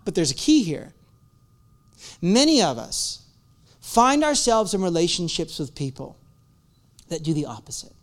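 A male pastor preaching a sermon with animated storytelling, swinging between loud bursts and hushed asides. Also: high voice.

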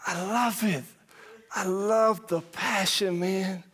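Shouting high-voiced male preacher. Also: fairly even intonation, takes it slowly. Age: young adult or middle-aged parent. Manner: preaching at a near scream, then dropping low. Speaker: pastor. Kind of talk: impassioned verse-by-verse sermon.

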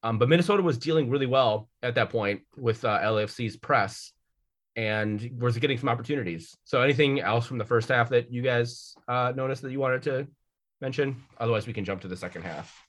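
A man's voice: medium pitch, fairly quick. A man in his thirties hosting a casual sports podcast, rambling through match recaps with frequent restarts and swearing. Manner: rambling, profane, self-correcting. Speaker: podcast host.

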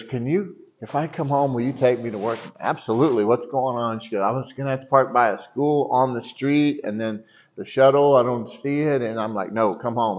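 A man's voice: on the low side, muffled recording. A middle-aged man preaching in church, telling a long personal story with many restarts and asides. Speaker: pastor. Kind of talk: sermon.

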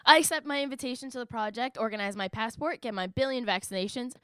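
A woman's voice: a little high, fast talker, a bit bright, smooth, dry recording, clean studio sound. A young American woman reading a first-person personal essay aloud, wry and emphatic, with sudden rises in her voice. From United States. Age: young adult. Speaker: narrator.

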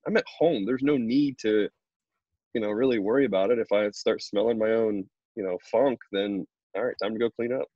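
Low-voiced guy rambling through a story, dry slightly dull sound. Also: fairly quick, dry recording. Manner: relaxed, rambling storyteller with many fillers. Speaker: pro baseball pitcher, interview guest. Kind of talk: casual interview chat.

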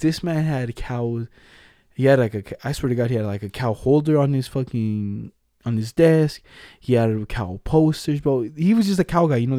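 A man's voice: fairly high pitch, warm tone, no room sound, studio quality. A young man in casual chat, telling school stories with lots of slang and laughter.

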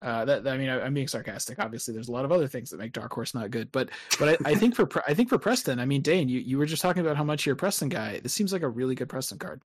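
A man co-hosting a relaxed podcast chat about a card game. He thinks out loud, circling back and restarting his sentences as he works through a point. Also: mid-range voice, very fast, few pauses. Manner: thinks aloud with many restarts and hedges. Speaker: podcast co-host. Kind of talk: casual card game discussion.

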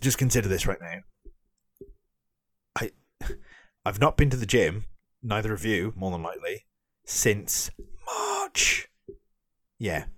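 A man's voice: sits low, dry recording, clean studio sound. A young British man ranting casually into the camera, swearing a lot, sarcastic and full of fillers and restarts. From Britain. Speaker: vlogger. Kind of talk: ranting vlog.

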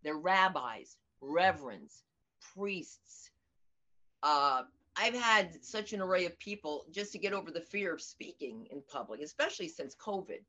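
A middle-aged American woman comedian and teacher, telling stories in an animated, outspoken way during an interview. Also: lowish voice, unhurried. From United States. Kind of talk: conversational interview over video. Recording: dull lo-fi audio.

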